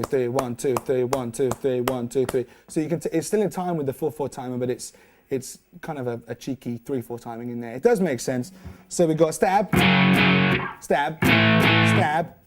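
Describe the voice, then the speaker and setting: Jokey man teaching guitar. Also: fairly high pitch. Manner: jokey, chatty, counts and scats rhythms aloud. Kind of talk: casual guitar lesson. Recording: loud guitar playing under the voice.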